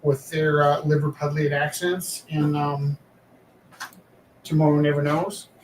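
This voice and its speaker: A man rambles casually, his voice a bit high and thick with fillers. He sits back from the mic in an echoey room. A faint hiss runs underneath. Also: level tone, unhurried, recorded from a distance. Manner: rambling, chatty, trails off with fillers. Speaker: live-streaming artist. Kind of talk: casual chat while drawing.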